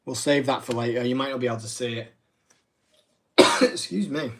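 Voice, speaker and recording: Man, 30s, mid pitch, livestream craft host, rambling and self-deprecating. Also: moderate pace. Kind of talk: casual live craft demo.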